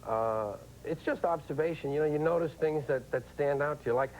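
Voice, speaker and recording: A middle-aged man, a comedian guest who chats wryly and lively, slipping into impressions. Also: fairly high pitch, a little fast, slight background noise, poor audio. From New York. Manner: wry, animated, slips into impressions. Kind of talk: casual chat.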